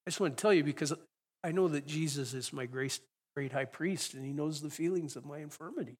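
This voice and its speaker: A man's voice: fairly high pitch, brisk. An older man preaching a sermon in an earnest, reflective way, drawing out words for emphasis. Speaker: pastor.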